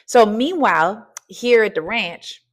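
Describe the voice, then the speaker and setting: A middle-aged American woman coaching and hosting, talking in an energetic, preachy and casual way, dropping in "y'all" and swinging from soft asides to loud exclaiming. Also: mid-range voice, measured pace. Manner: casual colloquial speech with "y'all" and "ain't". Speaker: coach and podcast host. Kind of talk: energetic motivational talk.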